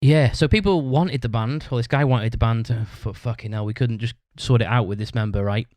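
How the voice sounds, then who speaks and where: A sweary, rambling man with a darkish, mid-range voice tells a story a little fast, recorded dry. He's a podcast host giving a casual monologue, swearing constantly and tagging lines with "right?".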